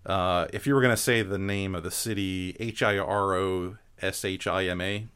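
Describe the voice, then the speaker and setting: A man's voice: sits low, fairly even intonation, moderate pace, a bit bright, smooth. A man hosting a podcast, chatting casually and rambling with many fillers and restarts. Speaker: podcast host. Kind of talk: casual banter.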